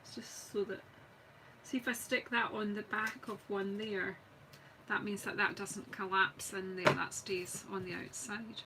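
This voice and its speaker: A woman's voice: medium pitch, little pitch movement, a little slow, noisy background. A Scottish woman chatting casually and thinking aloud as she demonstrates card making on a live stream. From Scotland. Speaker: craft demonstrator. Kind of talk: live craft stream chat.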